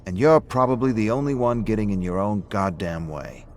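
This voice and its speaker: A calm, sardonic pub owner who pokes at his friend in a dry, measured way, as a man puts him on for a story. The voice stays low and even. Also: faint music behind, lightly acted. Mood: earnest. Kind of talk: audiobook-style story reading.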